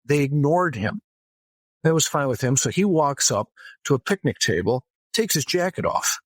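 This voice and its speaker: A man's voice: mid-range voice, animated, normal speed, no room sound. A man as an interview guest, telling a story casually and with animation, often restarting his sentences. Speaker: guest author.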